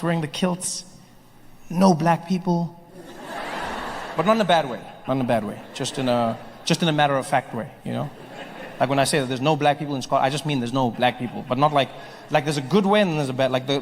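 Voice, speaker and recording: Animated male stand-up comic, echoing hall. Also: fairly high pitch, slight background noise. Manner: animated storytelling, playful. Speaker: stand-up comedian. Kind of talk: stand-up comedy set. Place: live comedy venue.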